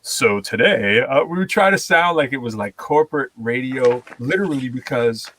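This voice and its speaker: A man hosting a casual chat, telling lively stories, laughing often and acting out voices. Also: medium pitch, normal speed, rough recording. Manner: animated storyteller, laughs often, acts out voices. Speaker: host.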